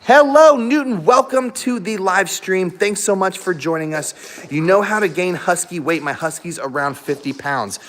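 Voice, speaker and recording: A man's voice: high voice, moderate pace, fairly bright tone, a little hiss or hum. A man hosting a casual live stream from home, chatting to viewers, laughing often and breaking off to coax his dogs.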